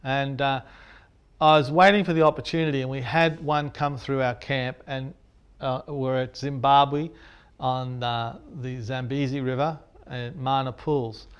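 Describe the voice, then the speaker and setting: A photographer telling an animated anecdote, acting out the sounds and his own reactions as he goes. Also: medium pitch, measured pace, clean tone. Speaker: landscape photographer. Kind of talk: storytelling anecdote.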